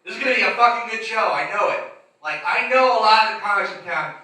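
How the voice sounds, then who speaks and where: A man doing energetic, punchy stand-up comedy. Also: high voice, fast, noisy background. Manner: punchy, energetic club delivery. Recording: echoey club, mic far off.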